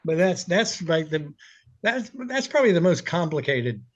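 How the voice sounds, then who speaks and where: Animated, profane male radio DJ. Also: on the high side, normal speed, highs cut off. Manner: animated, profane, laughing anecdotes. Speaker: radio DJ guest. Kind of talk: casual storytelling.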